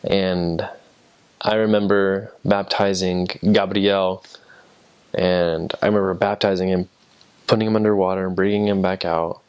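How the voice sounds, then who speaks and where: A young American man, returned from his mission, rambles through casual stories filled with fillers and restarts. He has a smooth, low-pitched voice with a level tone and measured pace, and the recording's highs are cut off.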